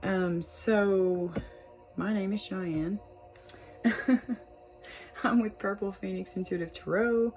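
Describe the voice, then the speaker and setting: A young woman with a drawl reads tarot to her viewers, talking in a loose, chatty way and laughing often between thoughts. Her voice sits at a middle pitch. Faint music plays behind her. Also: fairly even intonation, slow pace, long pauses, poor audio. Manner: chatty, warm, lots of "y'all" and laughs. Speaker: tarot reader, channel host. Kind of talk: casual tarot reading to camera.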